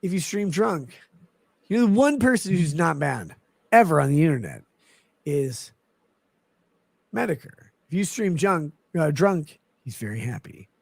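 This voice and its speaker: A man with a high-pitched, gravelly voice talks on his livestream while drunk. He rambles and slurs, then bursts out swearing in exasperation. The sound is close and dry, with no room around it. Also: lively intonation, measured pace, long pauses, no echo. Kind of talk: rambling drunk stream talk.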